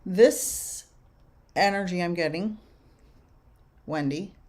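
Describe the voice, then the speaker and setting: Older female medium, livestream readings; slightly low voice, very slow, thoughtful delivery. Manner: slow, musing, relays messages with soft laughs. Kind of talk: livestream reading, answering viewer questions.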